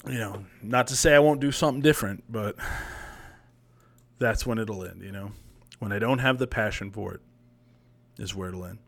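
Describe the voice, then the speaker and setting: This young man's voice is fairly low and gravelly, moving at a moderate pace with frequent pauses. Hosting a podcast livestream, he tells a long, meandering story, cursing casually and animating the retelling.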